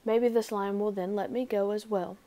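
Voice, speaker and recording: A woman's voice: medium pitch, steady tone, normal speed, warm tone, natural voice. Honorable young fairy-tale daughter, read by a woman, resolute and earnest.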